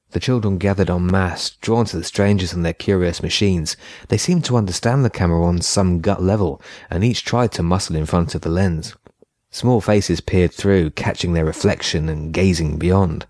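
A man narrating a horror short story in a measured, unhurried way. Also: low voice, a little mellow, no room sound, studio quality. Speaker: audiobook narrator.

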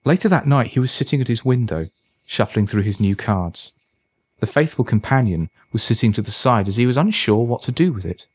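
A man narrating a story in an even, steady reading voice. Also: medium pitch, brisk, husky, no echo.

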